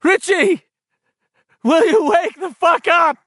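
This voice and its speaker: A man's voice: very high-pitched, slow pace, sharp tone, no echo, studio quality, pitched above the performer's own voice, heavily acted. A man doing a shaky, frantic man. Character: frantic grown man calling for friends.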